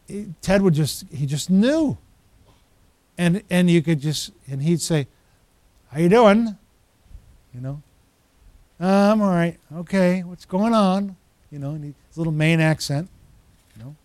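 Lively male preacher with a high voice, recorded dry and close; tells stories and acts out the people he quotes. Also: no room sound. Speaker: pastor. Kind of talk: sermon.

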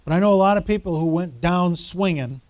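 A male pastor with a high-pitched voice preaching from the pulpit. He moves between low, earnest urging and loud, fervent exhortation. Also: a little fast. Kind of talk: sermon.

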